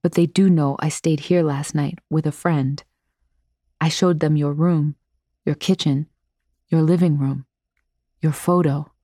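A woman's voice: low voice, steady tone, a little slow, long pauses, no echo, clean studio sound. Woman voicing a chatty young Mexican man. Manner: warm, talkative, simple phrasing.

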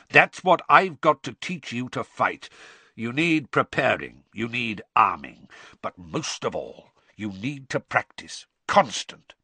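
A man voicing a gruff, grizzled old male wizard teacher, barking and emphatic. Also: mid-range voice, bright, forceful tone, no echo, full character voice.

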